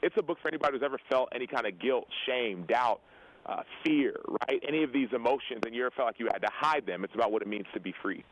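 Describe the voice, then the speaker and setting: A man's voice: medium pitch, fast talker, a little hiss or hum, rough recording. A man in his thirties, a guest on a show, candidly telling personal stories, earnest and reflective, acting out remembered dialogue and often checking in with "right?". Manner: earnest, reflective, retells scenes with quoted dialogue, tags lines with "right?". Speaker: guest, pro football player and author. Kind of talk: candid interview storytelling.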